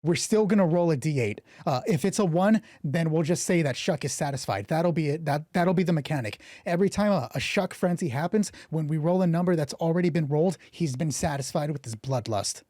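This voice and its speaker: A man narrating and rolling dice for a solo tabletop game stream, excitable and swearing freely, his voice getting hoarse. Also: fairly high pitch, brisk, few pauses, dry recording, studio quality. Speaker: game master.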